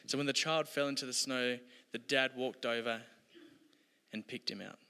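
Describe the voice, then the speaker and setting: A pastor preaches earnestly, telling stories in a bright, clear, mid-range voice that stays steady at a normal speed. Each point fades to a soft close, and the sound carries the long reverb of a church hall.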